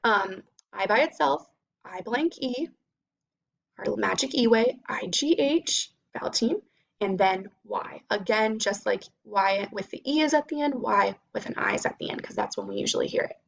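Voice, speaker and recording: A woman teacher giving a phonics lesson to children, spelling out sounds slowly and clearly. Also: medium pitch, big pitch swings, highs cut off.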